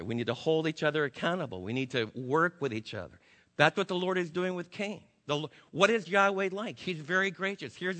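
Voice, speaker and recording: A man's voice: on the high side, bright, forceful tone, long reverb tail. A man preaching a sermon to a congregation, emphatic, with rhetorical questions and repetition. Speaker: pastor.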